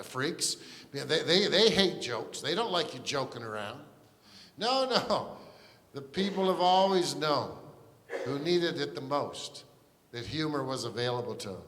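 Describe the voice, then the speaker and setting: A man's voice: fairly high pitch, fairly bright tone. A man preaching a sermon as pastor, earnest and conversational, with asides and restarts. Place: church sanctuary. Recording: long church reverb.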